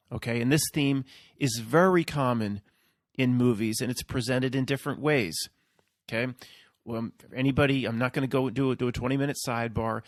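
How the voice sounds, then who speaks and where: A man's voice: mid-range voice, dry recording, clean studio sound. A man hosting his own video, talking in a rambling, casual monologue and often checking in with his listeners. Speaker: video host.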